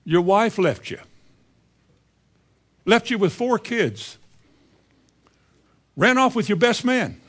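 A man's voice: high voice, big pitch swings, slow pace, long pauses, fairly bright tone. A man preaching a sermon in a plainspoken way, often acting out bitter people's words. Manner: plainspoken, acts out bitter voices in quotes.

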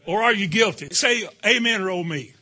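A man's voice: high-pitched, lively intonation, normal speed, bright, forceful tone, slightly rough. A man preaching a sermon, emphatic and calling out to the congregation for responses.

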